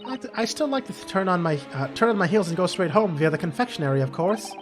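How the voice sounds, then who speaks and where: A woman's voice: lowish voice, animated, quick pace, over music, close to an everyday voice. A man voicing a polite young woman assistant in a game, with a put-on British accent and prim, formal phrasing.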